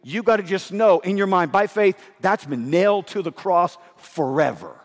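A male pastor preaching a sermon in an emphatic, conversational way, hoarse and short of breath from losing his voice. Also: sits high, expressive, normal speed, in a large hall.

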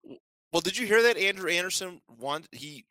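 A man's voice: high voice, expressive, brisk, pushed and bright, no echo. A man co-hosting a podcast in casual chat, enthusiastic and rambling, laughing often. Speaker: podcast co-host.

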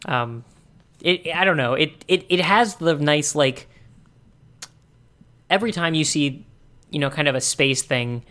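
A man's voice: on the high side, a little slow, pauses often, a bit bright. A man co-hosting a podcast in casual chat, thinking aloud with wry, joking asides. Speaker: podcast co-host.

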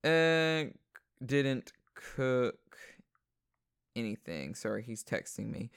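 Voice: medium pitch, slow pace, creaky, long pauses, clear, resonant tone, dry recording. Dry, profane ranting podcast host. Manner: animated, fillers and restarts. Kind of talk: casual rambling monologue. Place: at a desk indoors.

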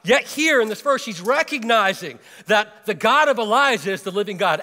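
A pastor preaching a sermon, talking casually and retelling a Bible story with frequent restarts. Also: male voice, sits high, lively intonation, moderate pace, bright, forceful tone, long reverb tail. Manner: conversational, explains and retells the story with many restarts.

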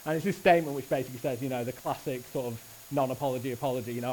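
A man preaching a sermon at a church service, earnest and animated, often restarting his phrases. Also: mid-range voice, rapid-fire, slight background noise, rough recording.

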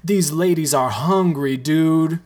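A man's voice: on the high side, slow pace, a little mellow, voice pushed up. A reader voicing Richie, a male dancer with casual, slangy talk. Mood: pushy.

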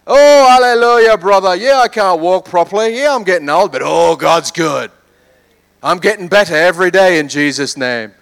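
A beaming elderly man bursts out in loud, high praise, as a preacher puts him on for the congregation. His voice climbs well above the speaker's own. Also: lively intonation, normal speed, creaky, clear, resonant tone, heavily acted. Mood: jubilant. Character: cheerful old man with a shaky walk.

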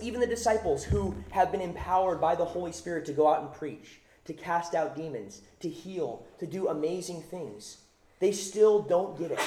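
A man's voice: fairly high pitch, mellow, echoey room. A man preaching a sermon, emphatic, repeating phrases for stress. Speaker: pastor.

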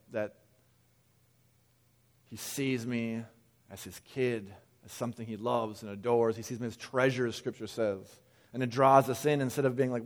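Man, casual sermon, conversational, quick voiced asides, restarts. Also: mid-range voice. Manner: conversational, animated quoting with repeated restarts. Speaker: pastor.

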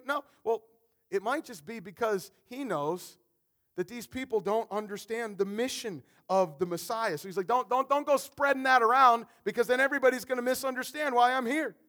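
A man with a high, bright voice preaches with lively, casual energy. He talks to the congregation like friends and often stumbles over repeated words when a point excites him. His delivery swings between punchy emphasis and hushed asides. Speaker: pastor. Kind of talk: sermon.

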